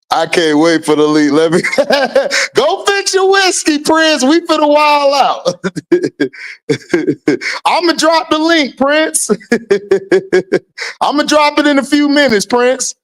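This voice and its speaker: A livestream host talking casually and loudly, teasing viewers and repeating taunts with bursts of laughter. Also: high voice, very animated, slow pace. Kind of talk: casual livestream trash talk.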